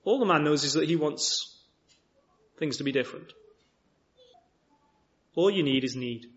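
Male preacher, high animated voice, rhetorical questions, muffled lo-fi church recording. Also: measured pace. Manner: lively, many rhetorical questions, restarts. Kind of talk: sermon. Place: church chapel.

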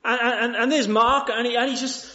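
Male preacher, high animated voice, rhetorical questions, muffled lo-fi church recording. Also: moderate pace. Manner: lively, many rhetorical questions, restarts. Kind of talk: sermon. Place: church chapel.

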